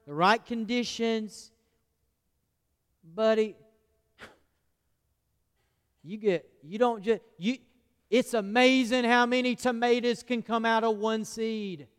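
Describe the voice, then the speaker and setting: A man's voice: very high-pitched, steady tone, takes it slowly, pauses often, clean tone. A man preaching a conversational sermon, folksy and often asking the congregation questions. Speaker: pastor. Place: church sanctuary. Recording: long church hall reverb.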